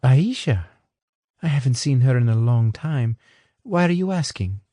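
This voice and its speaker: A man's voice: medium pitch, expressive, a little slow, warm tone, dry recording, studio quality, pitched above the performer's own voice, lightly acted. A man voicing a wary young Englishwoman with an English accent who speaks in a guarded, sardonic way in a storybook. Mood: guarded, wry.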